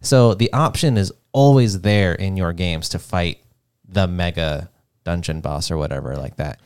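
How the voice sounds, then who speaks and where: A man's voice: deep voice, normal speed, darkish tone, clear, resonant tone, no echo, clean studio sound. A man chatting casually as a player on a tabletop gaming podcast, easygoing and joking. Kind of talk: casual chat.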